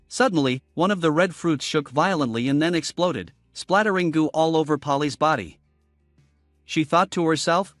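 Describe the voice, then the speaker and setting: A man reading a scripted comic recap narration in a steady storytelling way. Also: a little high, moderate pace, no room sound, clean studio sound. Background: faint background music.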